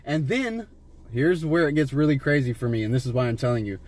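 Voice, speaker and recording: A man's voice: medium pitch, brisk, darkish tone, no room sound. Rambling, profane man talking from his car. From Las Vegas, USA. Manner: rambling and profane, with many fillers and restarts. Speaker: vlogger filming a street encounter. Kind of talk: casual rambling storytelling to a stranger. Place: inside a car on a street. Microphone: handheld camera inside the car.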